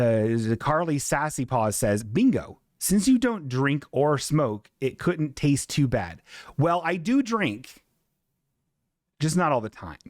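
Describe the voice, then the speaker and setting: A man's voice: mid-range voice, dry recording, clean studio sound. Rambling, profane male stream host. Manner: loose, rambling, profane, quick to laugh. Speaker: host of a live comedy stream. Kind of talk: rambling casual chat.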